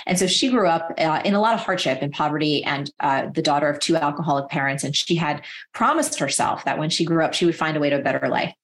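A woman in her forties from New Jersey tells personal stories as a guest. Her voice sits a little low. She talks vividly and casually, peppering her sentences with "like.". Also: fast talker, hardly any pauses. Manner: lively, vivid anecdotes full of "like" fillers. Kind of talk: personal storytelling in conversation.

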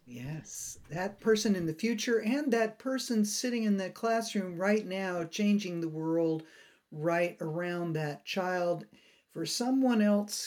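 A podcast host asking a guest long, measured questions. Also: mid-range voice, a little mellow. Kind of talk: interview questions.

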